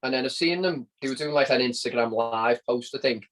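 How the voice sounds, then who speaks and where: A man's voice: medium pitch, a little fast, low-quality recording. A man from Liverpool with a Scouse accent, a podcast guest telling a story in casual chat, often repeating words as he goes. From Liverpool, England.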